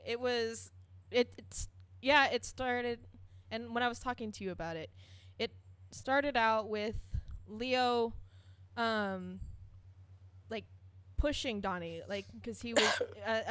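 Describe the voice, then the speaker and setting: A woman's voice: mid-range voice, a bit bright, no echo. A young woman co-hosting a casual fan podcast, giggly and hesitant, often restarting her sentences. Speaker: podcast co-host.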